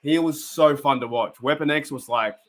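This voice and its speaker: This young Australian man's voice is a little high and a bit bright, moving at a moderate pace. During a casual fan live stream he comments on a game and rambles chattily with viewers, laughing often and naming viewers as he greets them.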